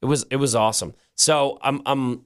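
A man co-hosting a show, chatting excitedly and casually, with frequent restarts. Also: medium pitch, moderate pace, clean tone. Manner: excitable, animated, restarts often. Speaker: radio show co-host. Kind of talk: casual chat.

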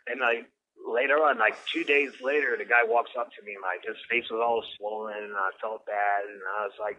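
A man's voice: fairly low pitch, fairly quick. A man from the American South co-hosting a casual podcast, telling profane, rambling street stories. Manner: profane, rambling, animated storyteller. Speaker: podcast co-host. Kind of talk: casual storytelling chat. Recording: dull lo-fi podcast audio with faint noise.

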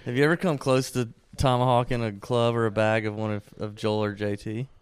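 A man's voice: medium pitch, level tone, brisk, clean tone. A man with a mid-range voice hosts a casual chat. He asks prodding questions in an easy, friendly tone. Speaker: podcast host.

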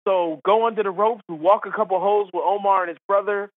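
High-voiced man telling stories on a phone line. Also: fast talker, no echo. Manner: animated, mimics people in quotes, laughs often. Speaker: guest, former caddie and comedian. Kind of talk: casual storytelling.

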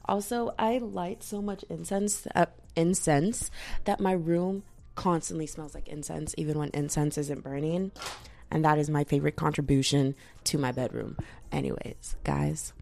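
A woman's voice: low-pitched, unhurried, gravelly, darkish tone, soft background music. A young woman hosting a podcast from her bedroom, chatting casually with slangy, playful asides. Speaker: podcast host. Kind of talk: casual chat.

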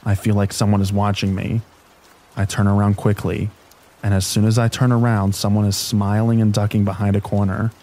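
Calm low-voiced man reading scary stories. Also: a little fast, poor audio. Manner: calm, even sleep-story reading. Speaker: narrator. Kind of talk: scripted narration of scary stories. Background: rain.

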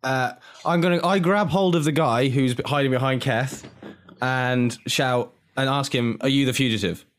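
A man's voice: mid-range voice, normal speed, a little hiss or hum. A man playing a tabletop game, eager and joking. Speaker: player. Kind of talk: casual tabletop play.

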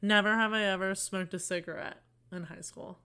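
A woman's voice: mid-range voice, fairly even intonation, moderate pace, pushed and bright, clear, resonant tone. A young woman co-hosting a casual chat, a little drunk, telling stories with lots of swearing and laughter. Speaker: podcast co-host.

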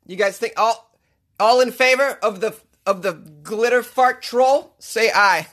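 This Boston-accented comedy podcast host delivers a rambling, sarcastic monologue, riffing through his jokes. His voice sits high with a fairly bright tone, and he takes his time.

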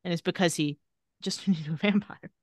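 A woman's voice: lowish voice, fast, no room sound, studio quality. A woman co-hosting a podcast, casually recapping a TV episode and acting out the characters' lines. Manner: animated retelling, acting out quoted lines. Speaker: podcast co-host.

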